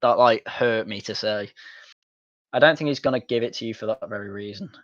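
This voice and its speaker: A man's voice: on the low side, brisk, fairly bright tone, no echo, lo-fi sound. Sweary young man streaming. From Manchester, England. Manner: blunt, sweary, mocking banter. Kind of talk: casual chat while gaming.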